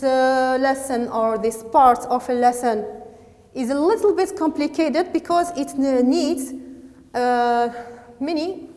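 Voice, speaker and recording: Slow Moroccan woman teaching English grammar. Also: high-pitched, a little mellow, in a large hall. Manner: slow and deliberate, repeats words, mixes in French. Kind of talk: classroom grammar lesson. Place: classroom.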